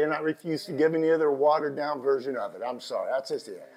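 Impassioned middle-aged Texan pastor. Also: male voice, a little high, lively intonation, brisk, hardly any pauses, poor audio. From Texas. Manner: impassioned, rising to shouts on key lines. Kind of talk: sermon.

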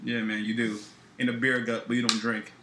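A man's voice: medium pitch, little pitch movement, brisk, noisy background. A young man co-hosting a casual podcast, teasing and swearing in loose banter, recorded in a roomy, echoey room. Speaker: podcast co-host. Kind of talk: casual chat.

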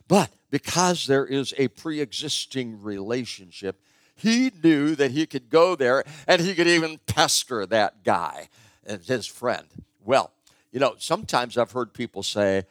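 A man's voice: mid-range voice, animated, a little slow, no room sound. An older man preaching a sermon in a conversational, storytelling way, stressing his key points. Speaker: pastor.

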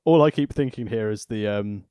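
A man's voice: on the low side, moderate pace, warm tone, clear, resonant tone, no echo, studio quality. A man co-hosting a podcast, mocking wrestlers in a sardonic, swearing way. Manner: sardonic, mocking, laughs at own jokes. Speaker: podcast co-host. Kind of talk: casual wrestling chat.

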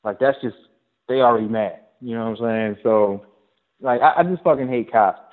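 Profane animated man, phone-like audio. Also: mid-range voice, moderate pace. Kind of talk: casual chat.

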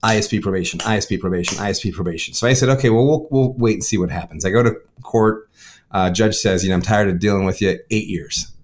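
A man tells his story at a brisk clip, often tagging his sentences with "right?". His voice sits a little low, and he rushes through a personal testimony in conversation. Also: slight background noise. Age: adult with a son. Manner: fast storytelling, frequent "right?" tags. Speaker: guest.

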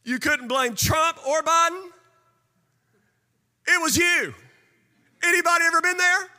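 High-voiced man preaching with fervor. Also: a little slow, in a large hall. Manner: impassioned preaching with sing-song cadence and shouted peaks. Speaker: pastor. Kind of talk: sermon.

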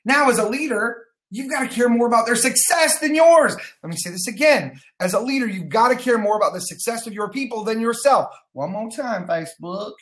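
Speaking fairly quickly with hardly any pauses, a sales team leader with an extremely high voice gives an energetic motivational livestream from his phone in a roomy-sounding space. He repeats himself for emphasis, swears offhandedly, and calls out viewers by name.

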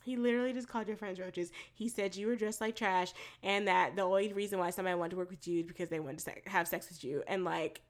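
A woman co-hosting a podcast, chatting casually and recapping a TV show with lively, profane storytelling and quoted asides. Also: medium pitch, fast, few pauses. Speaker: podcast co-host.

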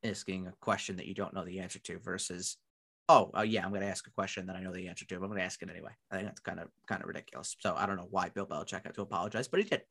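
A man with a New York accent co-hosting a casual sports podcast, blunt and profane, trailing off into low mumbled asides. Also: steady tone, racing, gravelly, fairly bright tone. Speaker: podcast co-host.

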